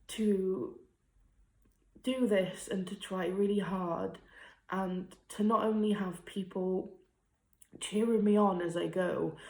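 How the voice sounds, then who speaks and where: A young woman, speaking heartfelt and a little tearful in a personal vlog, laughing softly between thoughts. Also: mid-range voice. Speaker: vlogger. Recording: echoey room.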